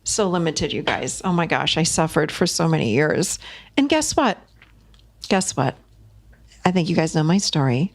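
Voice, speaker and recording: A middle-aged woman hosting a podcast, giving parenting advice in an animated, emphatic way, repeating phrases for effect and laughing as she talks. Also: sits low, normal speed. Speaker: podcast host. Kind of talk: solo podcast talk, coaching advice.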